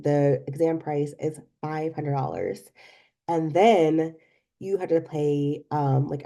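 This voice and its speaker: A young woman hosting a podcast, telling an animated story and giving casual advice straight to her listeners. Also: low voice, vocal fry. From not from Florida. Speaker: podcast host.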